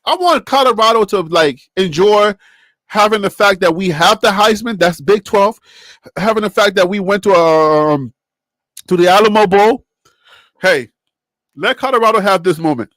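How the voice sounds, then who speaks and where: A man's voice: high-pitched, moderate pace, fairly bright tone, dry recording. A man co-hosting a casual sports talk show, emphatic and laughing often as he lectures.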